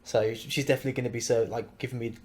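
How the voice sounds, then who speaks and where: A man hosting a casual chat, talking in a relaxed, giggly way with lots of fillers. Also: medium pitch, rapid-fire. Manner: chatty, giggly, with many fillers. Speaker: host.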